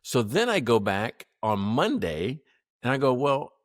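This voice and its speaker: Man, podcast co-host, casual animated storytelling, acts out quotes, dry close sound. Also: mid-range voice, a little slow, no room sound. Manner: animated, acts out quotes, laughs often, swears.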